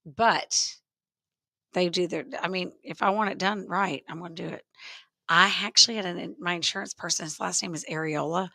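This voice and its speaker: Woman comic chatting on a podcast, bright voice, dry close mic, jokey storytelling. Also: lowish voice, fairly even intonation, moderate pace, gravelly, no echo. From Mexican-American family. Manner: storytelling, self-deprecating banter. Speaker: comedian and teacher guest. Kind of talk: casual podcast chat.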